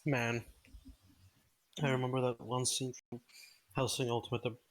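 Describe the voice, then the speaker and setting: A man chatting casually on a stream, animated and joking, swearing freely. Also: mid-range voice, normal speed. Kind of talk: casual chat.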